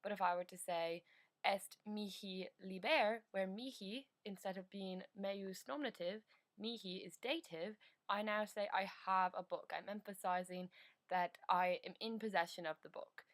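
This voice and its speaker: A woman's voice: mid-range voice, moderate pace. A teenage woman playing a teacher in a school project skit, lecturing in an exasperated way. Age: teens.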